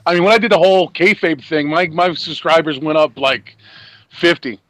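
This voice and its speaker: A man's voice: on the high side, normal speed, fairly bright tone, no room sound. A man co-hosting a casual podcast, talking in a brash, profane way and repeating himself. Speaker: podcast co-host.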